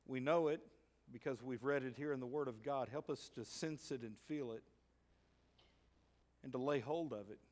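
A man preaching a sermon as pastor in a church, telling a story with animated delivery and sudden shouted emphases. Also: mid-range voice, normal speed. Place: church sanctuary.

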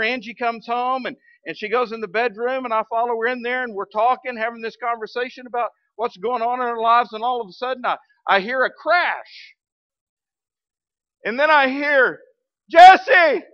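A man, a pastor telling a story in a sermon, folksy and animated. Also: extremely high pitch, a little fast, no room sound, highs cut off. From Arkansas, US. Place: church sanctuary.

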